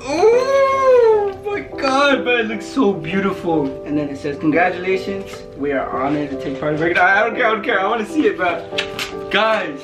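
An excited young man opening packages at home, chatting in quick slang and thanking his viewers. His voice sits a little high for a man. Music plays clearly underneath him. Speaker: YouTuber. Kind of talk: unboxing vlog.

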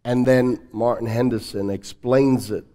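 A man's voice: mid-range voice, steady tone, a little slow, mellow. A man, a pastor hosting an interview, explaining things for listeners and sharing his own reactions. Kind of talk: church talk-show interview.

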